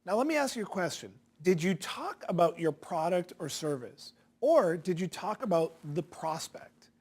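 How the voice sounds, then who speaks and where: A man's voice: high-pitched, big pitch swings, normal speed, a little mellow, slightly rough. A man coaching salespeople in a direct-to-camera lesson, punchy and challenging, asking rhetorical questions.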